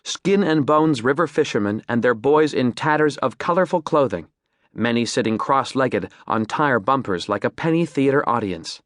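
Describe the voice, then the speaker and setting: A man reading an audiobook as narrator, in measured, descriptive storytelling. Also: mid-range voice, no echo, studio quality. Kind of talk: scripted narration.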